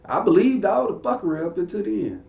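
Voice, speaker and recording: A man's voice: high-pitched, sing-song, quick pace, creaky, a little mellow. A man talks bluntly and profanely as an interview guest, preaching his views in casual storytelling. The room is echoey. The audio sounds a little dull.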